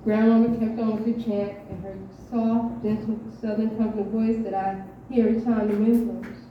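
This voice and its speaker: A woman at an open mic, reading her own short story aloud in a measured storytelling voice, with hesitant asides between pieces. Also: medium pitch, little pitch movement, a little hiss or hum. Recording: echoey dull room from far off.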